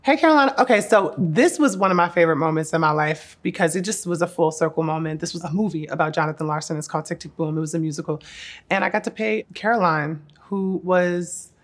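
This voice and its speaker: A woman in her thirties from Newark looks back on her acting career in a casual retrospective. Her voice sits a little low. She talks effusively and from the heart, and drops in playful asides. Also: fast. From Newark, New Jersey. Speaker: actress.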